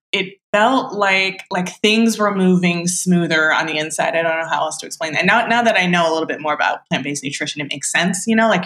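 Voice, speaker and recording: A woman's voice: lowish voice, a bit bright. A woman in her thirties, a podcast guest talking casually and reflectively, with lots of filler words. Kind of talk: casual chat. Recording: roomy echo.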